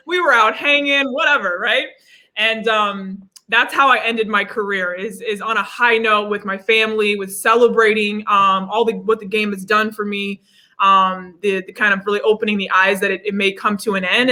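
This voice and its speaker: A young woman guest on a video call, telling her story in a lively, conversational way. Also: a little high. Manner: animated storyteller, acts out quotes.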